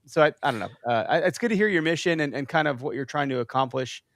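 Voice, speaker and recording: A man hosting a podcast, chatting and telling stories in an animated, casual way. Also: fairly high pitch, quick pace, dry recording, studio quality. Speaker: podcast host.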